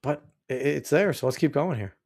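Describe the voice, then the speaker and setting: A man hosting a commentary show, reacting to video clips with mocking, profane asides. His pitch sits a little high and swings widely as he talks. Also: lively intonation, brisk, a little mellow. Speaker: host.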